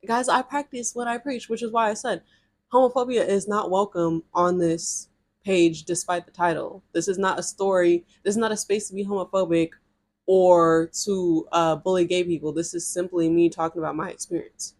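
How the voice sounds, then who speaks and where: A young woman casually telling a personal story to her followers, chatty and animated, filling her talk with "like". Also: lowish voice, moderate pace. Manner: chatty and animated, with heavy use of "like" and reenacted dialogue. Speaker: storytime vlogger.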